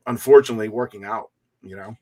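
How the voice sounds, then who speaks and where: A man who is a film director, a guest on a podcast, explaining things in a casual and animated way. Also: fairly low pitch, fast. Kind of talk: casual interview chat.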